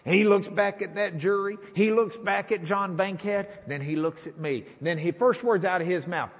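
A middle-aged man preaching a sermon, telling a courtroom story and acting out the voices with lively energy. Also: high voice, moderate pace, hardly any pauses. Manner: animated storyteller, acts out voices. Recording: hall reverb.

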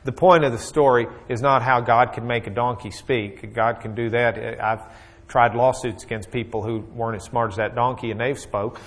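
A man's voice: medium pitch, fairly even intonation, moderate pace. A man teaching a Bible lesson in a folksy, joking storytelling way, with plenty of fillers.

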